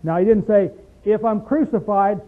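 A man's voice: high voice, steady tone, normal speed. A man preaching a sermon in a small room in an emphatic, folksy way, recorded on tape. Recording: tinny phone-like tape recording.

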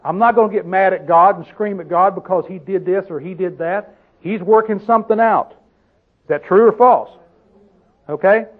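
A man preaching a Bible-teaching sermon, often asking his listeners questions and slowing down to stress the scripture he quotes. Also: sits high. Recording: tinny phone-like sound.

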